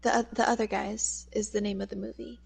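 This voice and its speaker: A woman's voice: medium pitch, little pitch movement, a little fast, vocal fry, breathy edge, poor audio. A woman in her early twenties, chatting bluntly and swearing freely while playing a video game. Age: early 20s.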